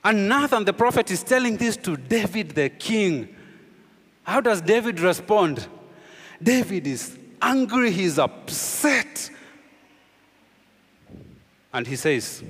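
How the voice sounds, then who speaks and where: Male pastor, sermon delivery, emphatic and questioning, softens for key lines; higher-set voice, lingering hall reverb. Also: very animated, takes it slowly, pauses often, breathy edge. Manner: emphatic preaching with rhetorical questions, dropping low and quiet for key points.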